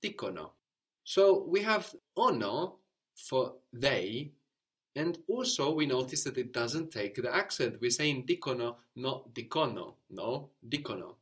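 A man's voice: mid-range voice, very animated, slow pace. A man teaching a language lesson, patiently prompting his student and repeating each answer.

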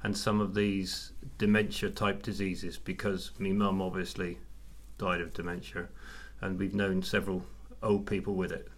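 Give me a middle-aged man chatting on a podcast in a lowish voice, hesitant and friendly. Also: level tone, normal speed. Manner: chatty, hesitant with many restarts. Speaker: podcast co-host. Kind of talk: casual chat.

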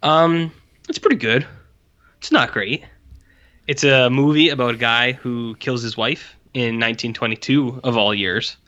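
A man's voice: mid-range voice, measured pace, bright, forceful tone. A man co-hosting a podcast in casual chat, rambling, joking and swearing freely. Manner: rambling, jokey and profane. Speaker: podcast co-host. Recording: dull lo-fi sound.

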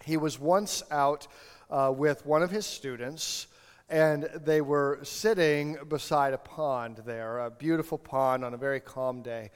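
A man's voice: a little high, unhurried, clear, resonant tone. A male pastor preaching a sermon, telling a story and building to impassioned appeals. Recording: long hall reverb, faint music.

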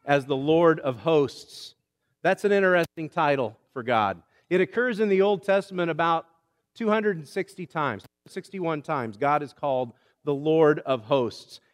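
A man's voice: a little high, long reverb tail. A man preaching a sermon in a conversational way, often restarting his phrases. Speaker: pastor.

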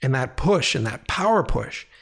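A man talking casually and animatedly about video editing, swearing freely and acting out his own excited reactions. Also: mid-range voice, moderate pace, slightly rough. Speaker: video editor and director. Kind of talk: casual rambling monologue.

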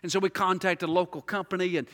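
A man preaching a sermon as pastor to his church, swinging from quiet hushed passages to loud shouted exclamations. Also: high-pitched, flat delivery, quick pace. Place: large church sanctuary. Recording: reverberant hall.

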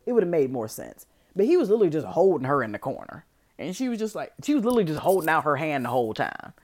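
Woman, movie recap, lively pitch, low-ish voice, slangy comic asides. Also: fast talker. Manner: animated, slangy and comedic, voicing characters in asides. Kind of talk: casual movie recap with acted quotes.

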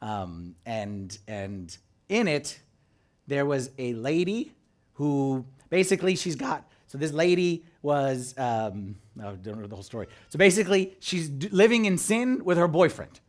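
A man preaching a sermon as a priest. He talks in an animated way, acts out the voices he quotes and swings from loud to hushed. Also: medium pitch, unhurried.

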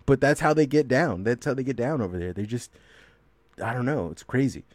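A man's voice: medium pitch, animated, fairly quick, no echo. A man chatting casually with friends, rambling with lots of fillers and frequent laughter. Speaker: podcast co-host. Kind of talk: casual group chat.

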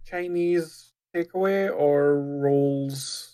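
A man co-hosting a casual gaming podcast, sleepy and low-key, with deadpan jokes. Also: extremely slow, clean tone, no room sound. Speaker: podcast co-host.

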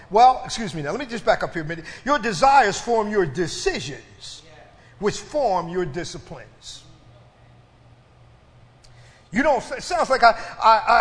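A man's voice: high-pitched, fairly bright tone. A man preaching a sermon, stretching out his phrases for emphasis and calling on the congregation to respond. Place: church. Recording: reverberant church hall.

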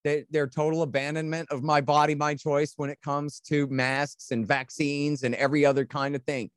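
A man's voice: fairly high pitch, flat delivery, moderate pace, smooth, no room sound. Heated, sarcastic man, dry sound. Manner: impassioned, sarcastic, mocking voices. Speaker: podcast guest. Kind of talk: heated political commentary.

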